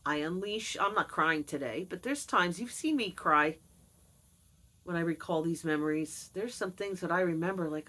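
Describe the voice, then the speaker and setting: A woman's voice: fairly low pitch, moderate pace, fairly bright tone, poor audio. A woman in her fifties talking candidly on her vlog, earnest with wry asides. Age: 50s. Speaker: vlogger. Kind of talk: personal confessional vlog.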